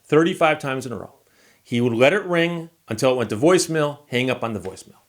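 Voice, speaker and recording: A man's voice: medium pitch, lively intonation, quick pace. Wry, exasperated male lawyer storyteller. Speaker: lawyer and channel host. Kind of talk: casual storytelling monologue.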